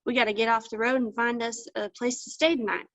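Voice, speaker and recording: A woman's voice: fairly high pitch, fairly even intonation, a little fast, fairly bright tone, dry recording. A woman voicing Jack, a friendly, bold young country man with a folksy drawl. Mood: thoughtful. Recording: dull lo-fi dry sound.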